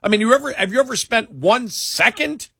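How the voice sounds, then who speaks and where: Radio host, man from New York, bright and dry studio sound, rambling casual talk. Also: very high-pitched, fairly quick, vocal fry, husky, no echo. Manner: rambling, animated, mocks voices he quotes.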